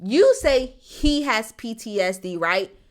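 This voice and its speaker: A woman's voice: a little high, lively intonation, slow. A young woman giving blunt, exasperated commentary in casual talk, swearing heavily. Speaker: commentator reacting to a court case.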